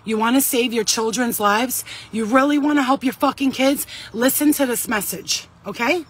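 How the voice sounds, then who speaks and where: A woman's voice: fairly high pitch, normal speed, slightly rough. A woman in her thirties, sweaty and shaken, giving an urgent, blunt and profane talk to camera as a vlogger.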